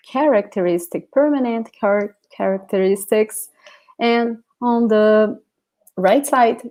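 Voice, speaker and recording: Teaching Portuguese in a live online lesson, this accented Brazilian woman, a native Portuguese speaker, explains things patiently and keeps asking "okay?" Her voice is medium-pitched and a little mellow.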